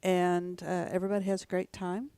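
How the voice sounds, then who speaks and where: A woman, a talk show guest speaking in a relaxed, hesitant way. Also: on the low side, fairly quick, smooth, no echo. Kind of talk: casual chat.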